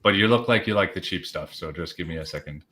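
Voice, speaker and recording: A man's voice: deep voice, quick pace, pushed and bright, slight background noise. A man voicing a weary, blunt dwarf bartender in a fantasy tavern. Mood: dry.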